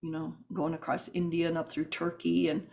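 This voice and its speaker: Animated woman telling travel stories. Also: low-pitched, brisk, gravelly. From United States. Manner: animated, rambling with restarts and asides. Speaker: guest. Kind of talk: podcast interview storytelling.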